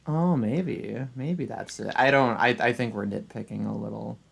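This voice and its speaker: A man's voice: mid-range voice, moderate pace, vocal fry, breathy edge. A man hosting a casual chat stream, rambling and sarcastic, often restarting his sentences. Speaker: streamer and channel host.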